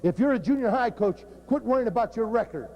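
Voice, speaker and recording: Man, football coach, clinic talk, blunt, profane, joking, lively swinging pitch. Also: fast, lo-fi sound. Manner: blunt and profane, cracking jokes.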